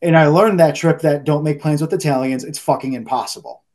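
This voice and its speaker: A man telling loose, animated stories in casual podcast chat, swearing freely and saying "like" a lot. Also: fairly high pitch, brisk. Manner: loose, profane, heavy use of "like"; animated anecdote teller. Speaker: podcast guest.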